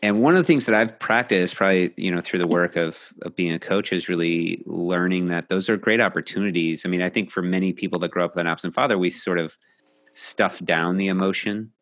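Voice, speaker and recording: Low-voiced reflective man, dry sound. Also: a bit bright, no echo. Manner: reflective, measured, many pauses and fillers. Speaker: coach and host. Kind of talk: casual podcast conversation.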